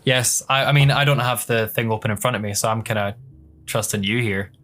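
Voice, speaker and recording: A young Scottish man, the show's regular host, now answering questions in a candid, casual chat, laughing often and filling pauses with "um". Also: medium pitch, a bit bright, faint music behind. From Scotland. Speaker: podcast host being interviewed.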